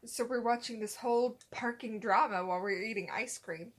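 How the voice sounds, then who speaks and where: A young woman co-hosting a casual podcast, telling a rambling story and acting out quotes in a relaxed chat with her partner. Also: on the high side, moderate pace. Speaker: podcast co-host.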